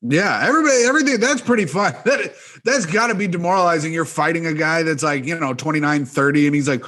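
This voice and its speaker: A man's voice: a little high, expressive, fast talker, hardly any pauses, a bit bright. Laid-back man co-hosting a comedy show. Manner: laid-back, laughs often, joking. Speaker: show co-host. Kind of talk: casual comedy chat.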